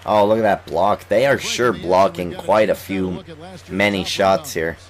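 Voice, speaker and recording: This young gaming YouTuber offers casual, excited let's-play commentary on a basketball game, mocking the players on screen. His voice sits low and his pace is measured, and he coughs from time to time as he recovers from being sick.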